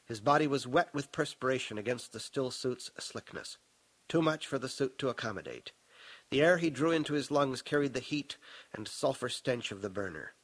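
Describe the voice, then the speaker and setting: A man narrating his own novel in a measured, dramatic audiobook reading. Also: medium pitch, no echo, rough recording.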